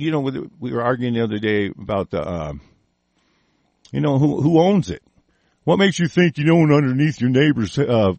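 Gravelly man on an angry profane rant. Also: mid-range voice, no room sound. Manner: profane, heated, with frequent swearing and broken restarts; reads aloud passages and interrupts them with his own comments. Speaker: commentator. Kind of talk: angry ranting monologue.

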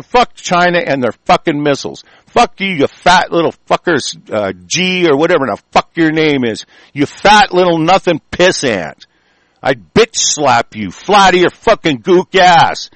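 A furious man rants in a profane, aggressive tirade. He keeps tripping over his own restarts as he pushes on. His voice sits a little high for a man and sounds dry and close. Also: a bit bright, no echo. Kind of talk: angry political rant.

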